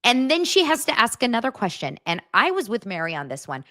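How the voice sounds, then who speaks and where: A woman hosting a pop culture show, recapping reality TV in a sarcastic, animated way, with loud bursts and muttered asides. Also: fairly high pitch, brisk. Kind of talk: casual commentary recap.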